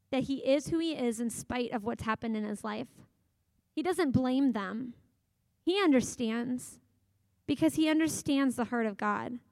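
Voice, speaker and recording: A woman in her thirties giving a sermon in a conversational, animated storytelling manner, acting out quotes from her family. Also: sits high, no echo. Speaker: pastor.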